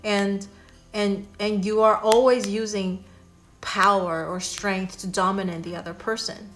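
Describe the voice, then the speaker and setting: A woman giving a casual tarot reading, chatty and warm in her advice, with frequent fillers, restarts and "right?" tag questions. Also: mid-range voice, level tone, a little slow, slight background noise. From Asia. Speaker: tarot reader.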